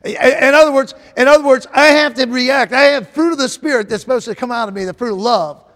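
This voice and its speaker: A male preacher with a strikingly high voice delivers a sermon, circling back on his own phrases and calling out to the congregation. His words ring out with a long echo through a large church hall, and he builds to shouting at the peaks. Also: a little fast. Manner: repeats phrases and calls out to the congregation; rises to shouting at climaxes. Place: church sanctuary.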